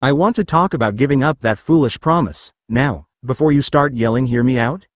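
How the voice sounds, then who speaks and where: A man's voice: mid-range voice, fairly quick, no echo, close to an everyday voice. A man voicing an older male ninja sage mentor, stern and teasing in a read-aloud fan story. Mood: lecturing.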